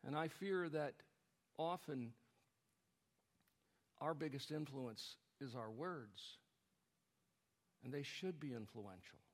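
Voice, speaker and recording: A man preaching a sermon to his congregation, building to emphatic, forceful passages. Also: mid-range voice, slow, long pauses. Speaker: pastor. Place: church sanctuary. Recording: church hall with long reverb.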